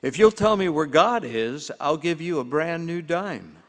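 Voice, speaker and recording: A man's voice: a little high, animated, a little slow, fairly bright tone, pitched above the performer's own voice. A man reading a poem aloud, voicing a friendly grown-up male neighbor who makes a teasing offer, in a sermon hall. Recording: long hall reverb.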